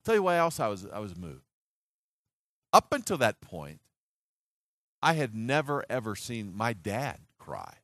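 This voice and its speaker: A man's voice: on the low side, big pitch swings, a little slow, pauses often, a bit bright, dry recording. Older american guy telling a story in a sermon, voice swings up and down a lot, dry close sound. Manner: earnest storytelling with many restarts and acted quotes.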